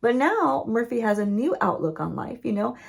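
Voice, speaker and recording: A woman's voice: on the high side, very animated, normal speed, gravelly, slightly rough. A woman, a beauty vlogger, recapping a TV show story-time style while doing her makeup, chatty and playful with asides to the viewers.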